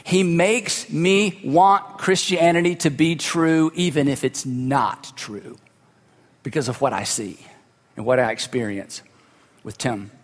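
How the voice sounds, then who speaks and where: A man's voice: on the high side, fairly even intonation, takes it slowly. A man preaching a sermon as a pastor, telling stories in a conversational way with humorous asides. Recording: long hall reverb.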